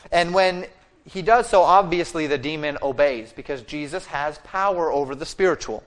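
Pastor guy preaching, voice a bit on the high side, walks through the passage and voices the quotes. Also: fairly bright tone. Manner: expository preaching with fillers and restarts, acting out quoted speech. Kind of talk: sermon.

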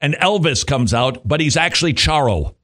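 A man hosts a Christian talk radio show, his pitch swinging widely as he jokes his way through a monologue. He laughs often and throws in playful asides between points. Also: animated, moderate pace, fairly bright tone.

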